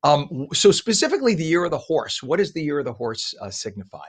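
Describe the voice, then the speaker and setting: A man hosting a live morning show, reading traffic and chatting with a guest in a lively, chatty way, with a frog in his throat. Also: fairly high pitch, fast, slightly rough. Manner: lively, chatty, apologetic asides. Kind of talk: live traffic report and interview.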